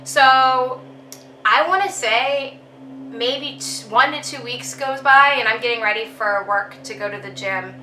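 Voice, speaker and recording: A woman's voice: fairly high pitch, measured pace, sharp tone, roomy sound, a little hiss or hum, low-quality recording. A young woman casually telling a personal story as a vlogger, chatty with lots of ums and you knows.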